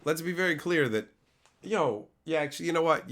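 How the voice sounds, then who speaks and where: Middle-aged male streamer, sick and hoarse, profane, animated roast delivery, sits a bit high. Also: moderate pace. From Canada. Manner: loud profane mock-insulting of chat. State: sick, losing his voice. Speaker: card-opening streamer. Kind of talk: live stream banter with chat.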